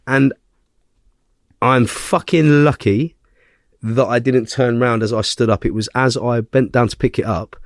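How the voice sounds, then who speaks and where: A man, a young adult at a guess, telling a story on a podcast in a blunt, profane way. His voice sits at an ordinary pitch for a man, and the recording is close and dry, with no room sound. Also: fairly even intonation, measured pace, dry recording. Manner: vivid, blunt storytelling full of swearing. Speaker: podcast guest.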